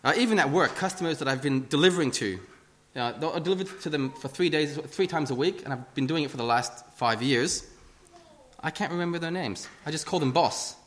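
A man's voice: on the high side, fairly quick, a bit bright. Man preaching a chatty, self-deprecating sermon. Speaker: lay preacher. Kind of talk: casual sermon. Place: church hall. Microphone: lectern microphone.

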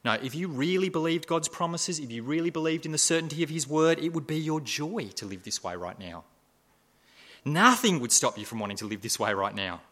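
A man preaching a sermon, asking repeated rhetorical questions and swinging between loud emphasis and hushed asides. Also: on the high side, animated, brisk.

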